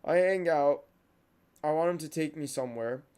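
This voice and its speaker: Young man venting in a smooth voice. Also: fairly high pitch, normal speed, a little mellow. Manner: heated, venting, repeats himself. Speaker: podcast host. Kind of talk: casual monologue.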